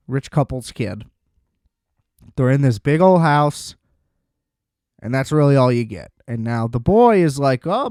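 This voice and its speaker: A man's voice: on the high side, smooth, dry recording, clean studio sound. Exasperated man ranting about a film. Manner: animated and exasperated, laughing often. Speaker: podcast host. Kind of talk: casual movie review rant.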